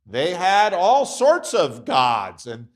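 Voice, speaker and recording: A man's voice: sits high, huge pitch swings, slow. A man teaching a Sunday school class at church, talking conversationally and acting out little voices in his examples.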